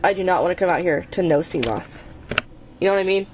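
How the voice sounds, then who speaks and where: A woman's voice: lowish voice, fast, muffled recording, background noise. A woman hosting her own gaming channel, giving let's play commentary while she plays, exasperated and swearing at the game, often chanting the same urging words over and over. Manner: chants repeated urging phrases.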